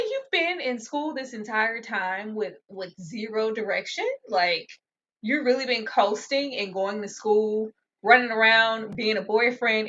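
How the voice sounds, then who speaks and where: A woman's voice: on the high side, bright, forceful tone, slight background noise. A woman co-hosting a casual TV recap, ranting with exasperated emphasis. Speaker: TV recap co-host. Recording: dull lo-fi recording.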